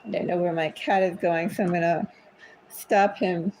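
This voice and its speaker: A woman gives a casual tarot reading at home, chatting away, getting sidetracked easily, and talking to her cats. Her voice is fairly low and darkish, with fairly even intonation at a moderate pace. The recording is rough, with slight background noise.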